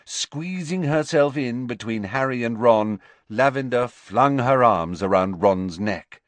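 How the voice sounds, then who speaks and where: A man narrating an audiobook with expressive, varied storytelling. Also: mid-range voice, slow, no room sound. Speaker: audiobook reader.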